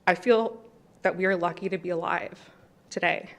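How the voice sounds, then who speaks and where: A woman in her thirties reading a prepared statement at a city council meeting. She is emotional and close to tears, and her delivery is shaky and halting at a podium microphone. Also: on the low side, little pitch movement, gravelly, fairly bright tone. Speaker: resident speaking at public comment.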